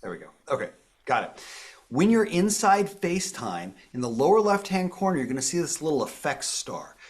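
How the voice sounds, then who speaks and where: A man's voice: a little high, sing-song, normal speed. A man presenting a live phone tutorial, walking viewers through each step in an upbeat, explanatory way. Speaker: tech presenter.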